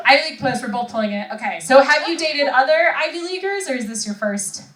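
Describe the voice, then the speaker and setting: A woman's voice: high voice, lively intonation, fast, background noise. A woman in her thirties doing stand-up with crowd work, chatty and self-mocking, laughing often. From Rochester, New York. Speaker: stand-up comedian. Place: comedy club stage. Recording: echoey room, far mic, loud crowd.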